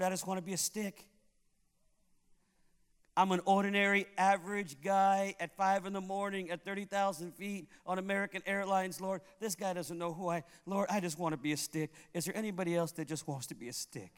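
In a clear, resonant, high-pitched voice, a pastor from Puerto Rico preaches fairly quickly and with few pauses, echoed by long hall reverb. He's animated, acting out the characters as he tells his sermon story.

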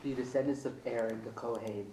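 Flat-voiced man reading aloud. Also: mid-range voice, a little fast, slightly rough, poor audio. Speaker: class participant reading aloud.

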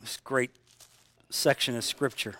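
A man's voice: mid-range voice, fairly even intonation, unhurried, bright, forceful tone. A man pastor preaching a sermon, stressing key phrases by repeating them and acting out sample prayers.

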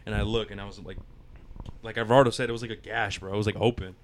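A man's voice: on the low side, steady tone, fast talker, a little hiss or hum. A young man rambling through a profane story in casual chat, with many restarts.

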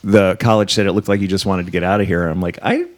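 A man's voice: low voice, steady tone, fast talker. A man hosting a casual comedy podcast, talking with a slight lisp and laughing often. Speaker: podcast host.

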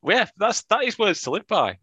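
A man's voice: high voice, sing-song, normal speed, bright, forceful tone, husky, dry recording, highs cut off. A man co-hosting a football fan podcast, chatting casually with wry, teasing banter and frequent restarts. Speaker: podcast co-host.

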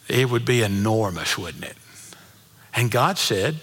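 A man's voice: on the low side, very animated, unhurried, pauses often, fairly bright tone, slightly rough, big-room sound. A man preaching a sermon, reading scripture aloud and building emphasis on key words. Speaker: pastor.

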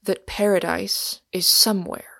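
A woman voicing a solemn, weary male pilgrim in an audiobook reading, speaking gravely and often half-whispering. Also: fairly low pitch, little pitch movement, unhurried, no echo, studio quality. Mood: vehement.

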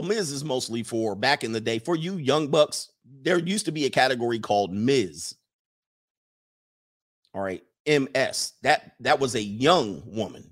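An American man ranting casually and comically to his stream viewers, preaching and reading out their comments. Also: medium pitch. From United States. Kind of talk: casual comedic rant to viewers.

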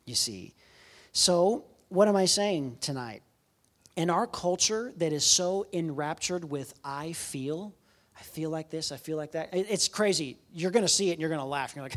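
Young male guest preacher, animated sermon delivery, acts out the voices in his stories. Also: fairly high pitch, normal speed. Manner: animated storytelling, acting out quoted voices.

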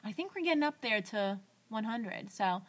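A woman's voice: a little high, animated. A woman co-hosting a podcast, reading a listener's story aloud and chatting in a bubbly, playful way. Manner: bubbly, playful, quick to laugh. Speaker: podcast co-host.

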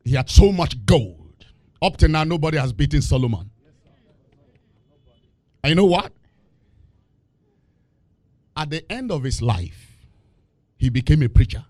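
A male preacher giving a lively sermon, asking the congregation questions and laughing between points. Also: fairly high pitch, a little slow, long pauses, no echo. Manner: animated, call-and-response questions, laughing asides.

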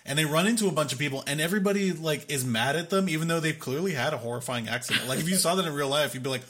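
A man co-hosting a casual podcast, retelling a movie with animated storytelling, acting out quotes and laughing often. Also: a little high, racing. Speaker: podcast co-host reviewing a movie. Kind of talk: casual chat.

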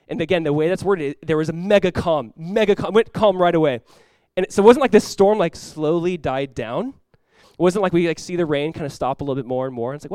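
Preaching with lots of energy, a male pastor performs the voices of those he quotes, jumping sharply in pitch and volume. The recording has no room sound.

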